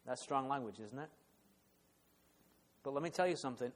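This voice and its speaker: A man's voice: medium pitch, animated, moderate pace. A man preaching a sermon in an earnest way, often repeating words as he builds emphasis. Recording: hall reverb.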